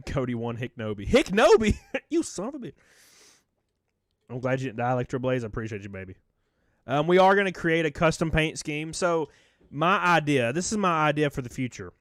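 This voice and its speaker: A man's voice: a little high, big pitch swings, normal speed, fairly bright tone, dry recording, studio quality. A man live-streaming in a casual, rambling way, joking, swearing freely and thanking his viewers by name.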